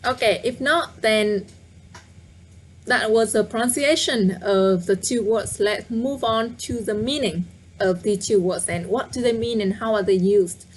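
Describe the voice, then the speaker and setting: Woman, live online teacher, patient, slow speech, faint background hiss. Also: mid-range voice. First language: Vietnamese. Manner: patient, repeats words slowly, asks viewers to guess. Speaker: Vietnamese teacher. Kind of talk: live online language lesson.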